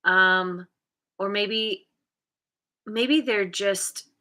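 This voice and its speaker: Female tarot reader, slow and halting delivery, bright tone. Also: medium pitch. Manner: hesitant, searching, many restarts. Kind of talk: intuitive tarot reading.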